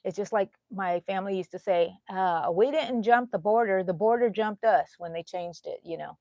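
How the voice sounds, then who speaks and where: A woman's voice: medium pitch, normal speed, a little mellow, no room sound, highs cut off. A woman from Texas hosting a casual live chat, greeting viewers by name in an affectionate, chatty way. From Texas, USA. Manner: chatty, affectionate, reads viewer names aloud. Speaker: livestream host.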